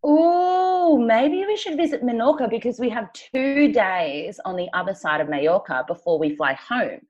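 A woman's voice: mid-range voice, expressive, normal speed, dull audio. A woman co-hosting a podcast in casual chat, rambling through travel stories and laughing often. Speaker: podcast co-host. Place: travelling, recording remotely.

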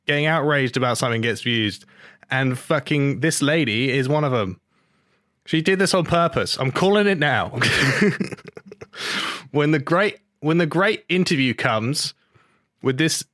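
Man, podcast host, outraged sweary rant, sarcastic, dry close sound, mid pitch. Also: a bit bright, no echo. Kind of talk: ranting casual podcast talk.

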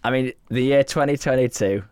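A man's voice: mid-range voice, brisk, a little mellow, clean tone, no echo. A man co-hosting a podcast in a casual chat, teasing playfully and laughing often. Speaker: podcast co-host.

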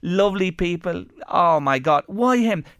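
An Irish man hosting a radio show from the studio, his voice sitting fairly high for a man. He talks earnestly and with emphasis, repeating words over and over. The sound is close and dry. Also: animated, unhurried, fairly bright tone, no echo. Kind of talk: emotional radio talk.

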